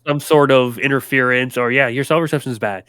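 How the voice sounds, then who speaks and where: Man, game master, rambling narration, mid pitch, dry recording. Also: fast, a bit bright, clean tone, no echo.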